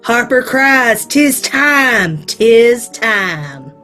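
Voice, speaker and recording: A woman doing a giggly slow Southern witch. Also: fairly high pitch, very animated, pushed and bright, faint music behind, heavily acted. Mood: chanting. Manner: slow, laughing recitation with stumbles. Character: giggling old witch stirring a cauldron. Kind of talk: amateur stage-play reading.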